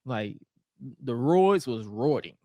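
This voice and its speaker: A man's voice: mid-range voice, takes it slowly, no echo. A man co-hosting a podcast, recapping old wrestling shows in casual chat and acting out the wrestlers' lines in playful voices. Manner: animated storytelling with playful put-on quotes. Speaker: podcast co-host.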